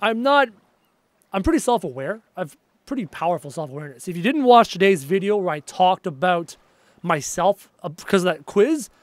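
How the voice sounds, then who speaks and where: A chatty young man from Canada talks his way through a live gaming stream, reading viewer messages aloud and answering them as he plays. His voice sits fairly high for a man, and the sound is close and dry, with little room in it. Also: expressive, normal speed, no room sound. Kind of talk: casual live-stream chat while gaming.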